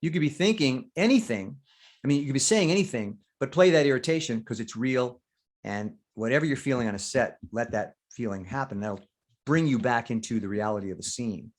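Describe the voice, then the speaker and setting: A fairly quick, mid-range voice belongs to an older veteran actor from the US. As an interview guest he's open and lively, dramatizing his inner monologue and swearing freely.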